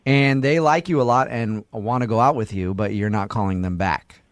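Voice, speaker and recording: A man hosting a morning radio segment, brisk and teasing. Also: fairly low pitch, no echo, clean studio sound. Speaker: radio host.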